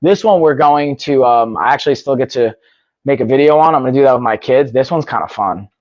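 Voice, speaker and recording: A man's voice: mid-range voice, fairly quick, a little mellow, no echo, muffled recording. A man hosting a casual live stream, upbeat and chatty, often saying "y'all" and muttering to himself between bits. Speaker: livestream host. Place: home gym.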